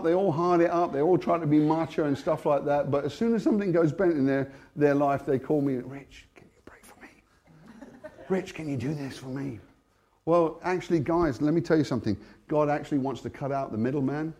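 A British man giving a testimony sermon, storytelling with energy and laughing often, swinging between hushed and loud. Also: a little high, brisk. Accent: British English. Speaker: Christian speaker.

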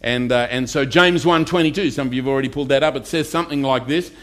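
A man's voice: mid-range voice, fast talker, a bit bright. A pastor preaching a conversational sermon to his congregation and asking them for amens. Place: church.

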